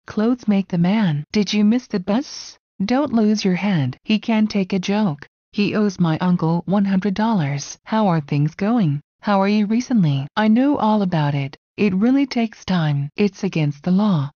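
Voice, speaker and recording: A woman reading short English phrases aloud one at a time, in an even, deliberate way. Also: medium pitch, no echo, muffled recording.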